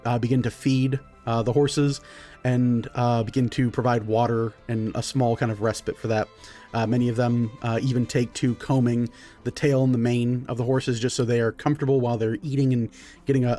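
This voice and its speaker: A man as game master, narrating a tabletop game in a relaxed way with many fillers. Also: medium pitch.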